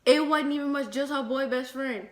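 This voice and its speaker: A woman's voice: sits high, moderate pace, fairly bright tone, echoey room. A young woman chatting casually and slangily, jumping in to add to a story. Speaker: storyteller co-host.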